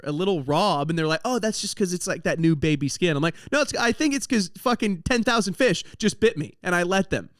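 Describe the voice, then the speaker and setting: A man's voice: on the high side, a bit bright, dry recording, studio quality. A young man hosting a podcast, telling a comedic story about his travels in a self-deprecating way, laughing at his own jokes. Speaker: podcast host.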